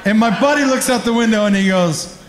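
A man's voice: sits high, fairly quick, echoey room. A man telling a crude, self-mocking stand-up story on a comedy club stage.

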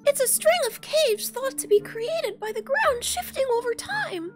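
A woman voicing a timid, earnest young boy soldier in a high, childlike voice, reading game dialogue aloud. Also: lively intonation, a little slow. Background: faint game music.

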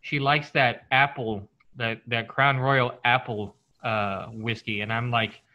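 A man with a bright, forward voice hosts a relaxed podcast chat. He rambles and jokes, leaning on fillers and restarts as he tastes whiskey. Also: medium pitch, slow, low-quality recording. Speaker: podcast host. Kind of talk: casual chat over whiskey tasting.

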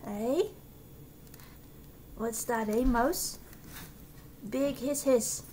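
A woman's voice: a little high, drawn-out words, mellow, a little hiss or hum, low-quality recording. A woman filming at home with a handheld camera, cooing baby talk to her cats. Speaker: cat owner filming at home. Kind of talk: casual home video, talking to pets. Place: home indoors.

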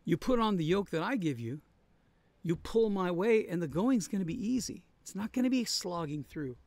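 A pastor leading a Bible study, preaching in an earnest, conversational way and repeating key words for emphasis. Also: male voice, high-pitched, lively intonation, normal speed, darkish tone, no room sound. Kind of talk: sermon-style Bible study. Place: traveling, on the road.

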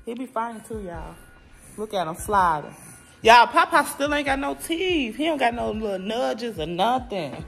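A woman's voice: fairly high pitch, sing-song, normal speed, gravelly, a bit bright, slightly rough, faint music behind. A young woman vlogging casually at home to her viewers, chatty and playful, full of slang. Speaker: vlogger and mother. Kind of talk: casual vlog talk to viewers. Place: home, indoors.

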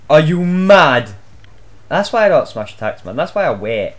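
A young man giving loud, swear-filled live commentary on his own gameplay, shouting out reactions as he plays. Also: on the high side, sing-song, a little slow. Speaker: gaming channel host.

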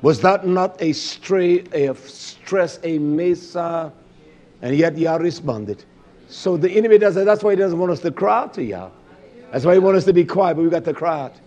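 A man with a high voice delivers a sermon from his seat. He repeats his phrases in a call-and-response rhythm. His delivery swings from loud, fervent outbursts down to low murmurs. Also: normal speed, highs cut off. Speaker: preacher. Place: seated while preaching.

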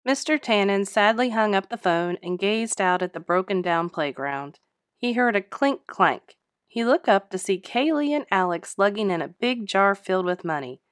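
Here a woman teacher performs a children's picture book in a lively, sing-song narrator's voice, positioned near the microphone. She keeps a medium pitch at an ordinary pace, with no room sound audible.

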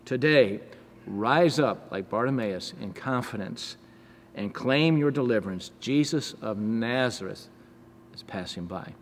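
A male pastor giving a devotional sermon with scripture reading, earnest, measured and encouraging. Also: mid-range voice, lively intonation. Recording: echoey hall with faint background noise.

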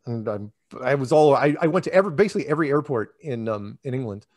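A man talks in a loose, animated ramble, acting out quoted dialogue with bursts of excitement and sudden drops in volume. He sits at an ordinary middle pitch. The room sounds dry and close, with almost no echo. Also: fast talker. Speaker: interviewee, flat earth public speaker. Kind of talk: casual storytelling interview.

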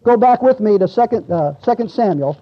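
A man with a very high voice preaches an expository sermon to his congregation, reading verses aloud and asking them questions as he goes. The church recording sounds dull and lo-fi, with little top end. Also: expressive, brisk. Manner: conversational, asks the congregation questions, reads scripture aloud. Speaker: pastor.

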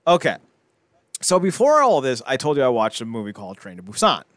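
A man co-hosting a casual podcast, retelling movie plots with lively, mocking energy and frequent stumbles and repeated words. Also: mid-range voice, a little fast, no echo. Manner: animated storyteller, mocking voices for quoted characters, frequent repeated words. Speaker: podcast co-host.

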